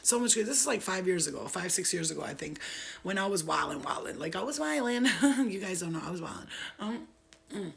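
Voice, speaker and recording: A woman's voice: lowish voice, lively intonation, quick pace, gravelly. A young woman from upstate New York telling a wild true story in a profane, laughing, streetwise way. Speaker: vlogger. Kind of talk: casual storytelling.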